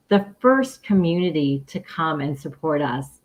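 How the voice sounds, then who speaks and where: A woman's voice: deep voice, moderate pace. A woman speaking earnestly as a panelist in a discussion, her voice thick with feeling. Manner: earnest, becomes emotional while speaking.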